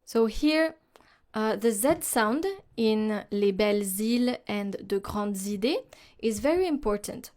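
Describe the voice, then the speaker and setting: Slow, careful woman teaching pronunciation. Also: medium pitch, expressive, a little mellow. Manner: slow and deliberate, models words for repetition. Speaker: French teacher. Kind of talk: slow instructional explanation.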